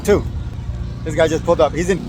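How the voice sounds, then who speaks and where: A tired man giving profane, confrontational street commentary while filming cars and slowly reading out their plates on a phone camera. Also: fairly high pitch, over music.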